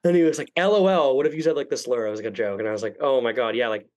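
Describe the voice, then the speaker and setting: A man's voice: medium pitch, rapid-fire, low-quality recording. A young man telling a long rambling story on a podcast, swearing often and acting out what people said. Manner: rambling, profane, animated quoting. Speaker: podcast guest. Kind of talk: casual storytelling.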